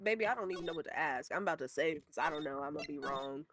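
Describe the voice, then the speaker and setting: A woman's voice: low voice, racing, background noise. A woman giving casual, self-deprecating commentary while playing a game. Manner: self-deprecating, blurts out asides. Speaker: game streamer. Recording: game music behind.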